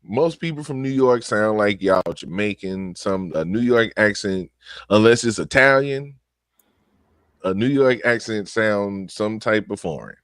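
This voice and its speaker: A man's voice: on the low side, animated, a little slow, fairly bright tone, smooth, dry recording, clean studio sound. A man co-hosting a casual livestream chat, laid-back and argumentative, with plenty of swearing. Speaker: podcast co-host.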